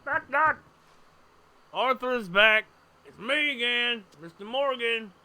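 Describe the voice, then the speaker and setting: A man's voice: extremely high pitch, slow, pushed and bright. A man chatting casually to his audience while playing a game live, wandering off into long, rambling explanations. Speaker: streamer. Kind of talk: casual live gameplay commentary.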